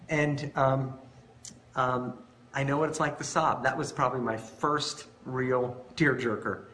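A man preaching a sermon as pastor, conversational and animated, telling stories and asking rhetorical questions. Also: mid-range voice, normal speed, echoey room, slight background noise. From Long Island, New York.

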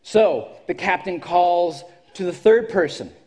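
A man's voice: sits high, takes it slowly, darkish tone, husky. A man preaching a sermon in a church, telling a story with frequent restarts. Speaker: pastor.

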